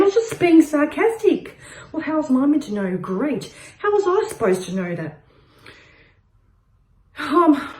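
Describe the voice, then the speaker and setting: A woman with a high voice performs a comic spoken-word piece. She rambles through an absurd story, laughing often. She swings between loud shouted bursts and quiet, muttered asides. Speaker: open-mic performer.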